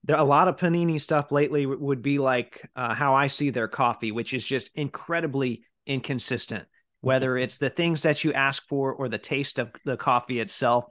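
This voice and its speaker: A man's voice: medium pitch, moderate pace. A man hosting a podcast, casually reading out listener questions and chatting about his week. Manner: relaxed, reads listener questions aloud. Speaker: podcast host.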